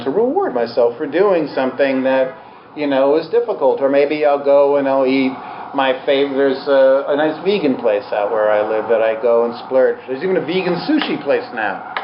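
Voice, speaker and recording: A man's voice: medium pitch, a little hiss or hum. A man giving a Buddhist teaching talk to an audience, candid, humorous and self-deprecating. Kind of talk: dharma talk to a live audience. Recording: roomy, slightly dull talk recording.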